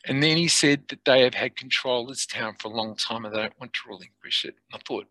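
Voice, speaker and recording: A middle-aged man telling a personal spiritual testimony in an earnest, halting way, sometimes dropping to near whispers. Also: medium pitch, sharp tone, no room sound, poor audio. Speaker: testimony speaker.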